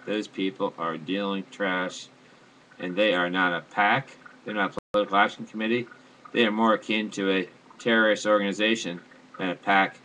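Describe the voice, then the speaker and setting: A man rambling to his viewers in a halting monologue, full of fillers and restarts, airing grand complaints earnestly. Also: fairly low pitch, steady tone, sharp tone, slight background noise, poor audio. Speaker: vlogger.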